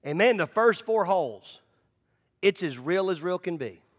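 A male pastor preaching in a loose, story-driven way, his voice sitting high for a man. He is animated and chatty, stumbling over and repeating words as he builds his point. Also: a little slow. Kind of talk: conversational sermon.

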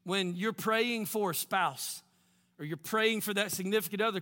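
Animated male pastor in an echoing hall. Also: sits high, moderate pace. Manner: animated, swings from loud to hushed, acts out quotes. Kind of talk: sermon.

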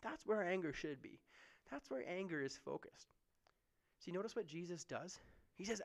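Conversational man preaching, high voice. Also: big pitch swings, a little fast, gravelly. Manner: conversational, often asks "right?". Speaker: pastor. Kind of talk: sermon.

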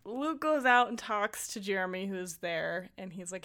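A woman's voice: mid-range voice, normal speed. A woman co-hosting a casual chat, recapping a film with lots of laughs and acted-out lines. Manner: animated, laughs often, acts out lines. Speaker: podcast co-host.

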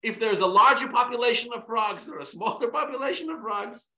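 Animated man teaching a Torah class. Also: extremely high pitch, fairly quick, reverberant. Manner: animated, repetitive, many restarts.

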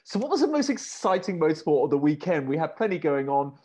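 A man hosting a motorsport podcast, chatty and quick to laugh. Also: on the high side, very animated, darkish tone, breathy edge. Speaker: podcast host. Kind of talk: casual chat.

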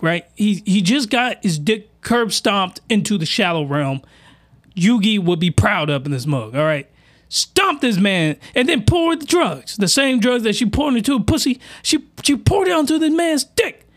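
A man hosting an anime reaction video, giving excitable, crude commentary at a desk mic, with shouting outbursts and voice cracks. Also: high voice, normal speed.

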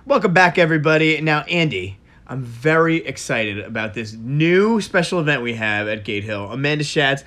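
A man's voice: medium pitch, animated, normal speed, few pauses, fairly bright tone. A man in his thirties hosting a casual camp radio show, enthusiastic, repeating words and laughing often.

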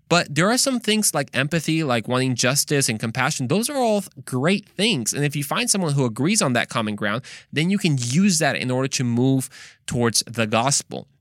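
A man's voice: medium pitch, a bit bright, dry recording, studio quality. Earnest man preaching on a podcast. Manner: earnest, conversational, preachy with playful asides. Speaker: podcast host. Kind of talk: faith podcast monologue.

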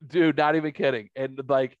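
A man hosting a casual podcast, an animated storyteller who laughs often and swears freely. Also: a little high, normal speed, highs cut off. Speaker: podcast host.

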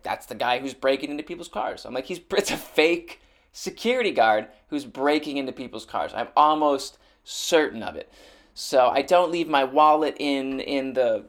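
A man hosting a podcast, chatting casually in a rambling, sardonic way with many restarts and fillers. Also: medium pitch. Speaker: podcast host. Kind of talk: casual chat.

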